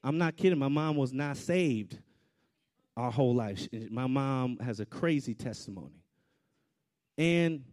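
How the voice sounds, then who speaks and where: A man delivers a storytelling sermon as a preacher. His voice sits somewhat high and leaps around in pitch. He moves from loud outbursts to quiet, hushed asides.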